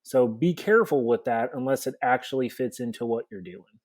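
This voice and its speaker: A man's voice: medium pitch, lively intonation, brisk, darkish tone. A man co-hosting a podcast, explaining mock trial technique in a coaching, conversational way. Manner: explanatory, coaching tone with rhetorical questions.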